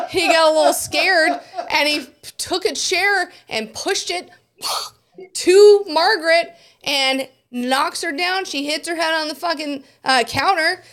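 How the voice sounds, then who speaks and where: A woman's voice: high-pitched, fairly bright tone. A woman co-hosting a podcast, telling a news story in a loose, profane, laughing way. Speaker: podcast co-host.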